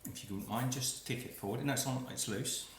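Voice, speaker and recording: A man's voice: mid-range voice, a little fast, roomy sound, slight background noise. A man hosting a live cooking stream, chatting as he works and laughing at his own slip-ups, filmed on a phone on a small tripod. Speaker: cooking livestream host.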